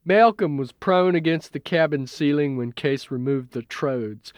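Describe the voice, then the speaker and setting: Male audiobook narrator, steady delivery, dead-dry recording. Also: fairly high pitch, measured pace, no echo. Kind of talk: scripted narration.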